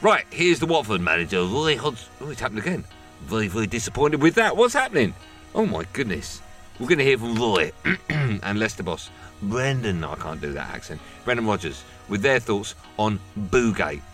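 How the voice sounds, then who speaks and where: A man's voice: on the low side, big pitch swings, moderate pace, a bit bright, faint music behind. A man hosting a podcast, introducing clips with self-mocking jokey asides. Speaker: podcast host. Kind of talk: light-hearted clip introductions.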